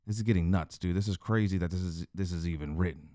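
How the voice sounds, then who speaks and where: A man giving casual, excitable Bible commentary full of slang and asides. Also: deep voice, fast talker, hardly any pauses, no room sound, studio quality.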